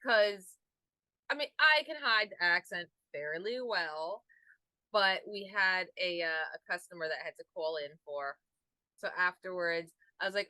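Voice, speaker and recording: A woman's voice: lowish voice, normal speed, pushed and bright, dry recording, low-quality recording. A woman in her forties with a North Jersey accent, telling a story casually on a podcast and swearing freely. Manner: laid-back, swears casually. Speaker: podcast co-host.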